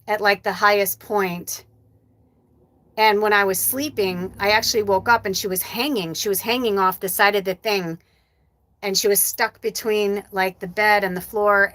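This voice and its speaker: A high, bright-toned woman speaks as a medium on her live stream, open and emotional and often swearing. Her voice sounds close and dry, with almost no room sound. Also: dry recording. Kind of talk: casual emotional livestream talk.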